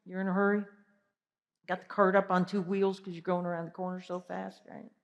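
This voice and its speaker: A woman giving an energetic motivational keynote, asking the audience direct questions. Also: lowish voice, fairly quick, muffled recording. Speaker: keynote speaker. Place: large conference hall. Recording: long hall reverb.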